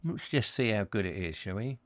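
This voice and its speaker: A man's voice: on the low side, expressive, a little fast, dry recording. A man hosting a comic live chat show, rambling through jokey stories and singing little snatches. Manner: chatty, jokey storytelling, sings snatches. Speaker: host.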